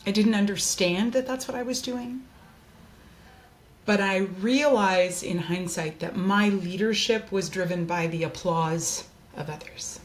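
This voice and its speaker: A woman's voice: on the low side, a little hiss or hum. A woman hosting a candid personal monologue from her desk, speaking in an earnest, open and heartfelt way. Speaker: host.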